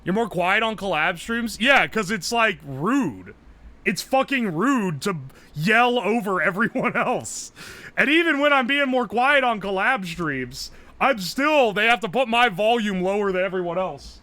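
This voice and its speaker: A man streaming live, chatting casually, loud and profane, yelling nearly every phrase. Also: high-pitched, expressive, unhurried. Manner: brash and profane. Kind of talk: casual livestream chat.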